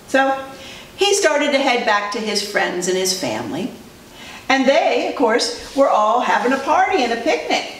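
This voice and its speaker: A female preschool teacher telling a story to children in an animated way, asking them questions as she goes. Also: on the high side, unhurried. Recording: roomy distant recording, faint noise.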